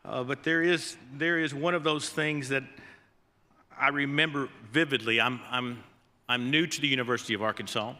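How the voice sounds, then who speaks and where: A man's voice: medium pitch, steady tone, moderate pace, pushed and bright. A man giving a folksy, self-deprecating ceremony speech full of stories, with fillers and restarts. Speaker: award speaker, former assistant coach. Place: banquet hall. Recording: long reverb of a large hall.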